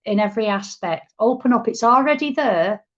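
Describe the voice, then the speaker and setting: A woman's voice: on the high side, expressive, a little fast. Woman medium on a dull lo-fi stream. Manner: confident, delivers spirit messages directly. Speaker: medium and co-host. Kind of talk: live psychic reading show.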